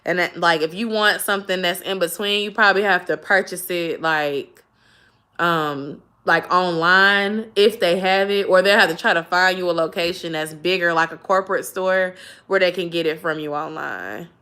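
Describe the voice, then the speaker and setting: A woman's voice: lowish voice, moderate pace, pushed and bright, clear, resonant tone. A woman vlogger in casual chat, rambling along with lots of fillers. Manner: chatty, rambling with many fillers.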